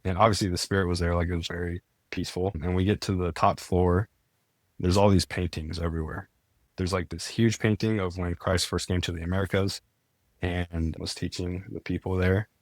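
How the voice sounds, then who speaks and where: A man's voice: low voice, level tone, fairly quick, dry recording, studio quality. A young man, a podcast guest, telling his story in a casual, earnest way, full of "like" and restarts. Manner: earnest, many "like" fillers and restarts.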